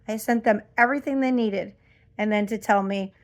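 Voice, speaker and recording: A woman's voice: medium pitch, fairly even intonation, moderate pace. A middle-aged woman ranting in a casual vlog, exasperated and rambling with lots of fillers. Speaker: vlogger.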